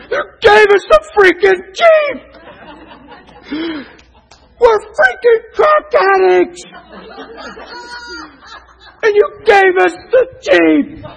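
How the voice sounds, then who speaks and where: A man voicing another man overcome with tears and shouting his gratitude, in a higher, louder voice than his own. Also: sing-song, drawn-out words, vocal fry, pauses often, a faint crowd, exaggerated voice, low-quality recording. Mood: overwhelmed. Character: sobbing grateful man overcome with emotion.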